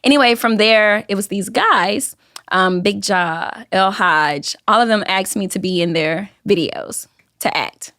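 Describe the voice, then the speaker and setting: Woman in her 30s, softened Southern accent, animated interview guest, dry studio sound. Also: mid-range voice, measured pace, no room sound. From Alabama, US Southern. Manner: animated storyteller, acts out quoted voices. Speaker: guest, YouTube creator. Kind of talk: casual interview chat.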